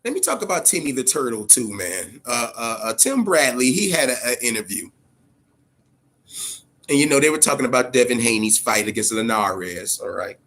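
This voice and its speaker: A man hosting a boxing talk show, giving casual, profane commentary in an animated way, often repeating words and tagging on "man" and "all right?". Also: medium pitch, normal speed. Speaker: boxing podcast host.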